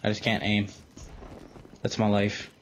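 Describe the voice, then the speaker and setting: A man's voice: lowish voice, monotone, measured pace. Young man, gaming commentary, playful sing-song chanting, faint hiss behind. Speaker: gaming channel host. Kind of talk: casual gameplay chat.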